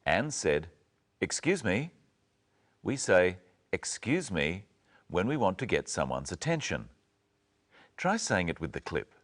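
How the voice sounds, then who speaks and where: Man, very low voice, wide-ranging intonation, scripted lesson narration, slow clear teaching. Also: very animated. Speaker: presenter.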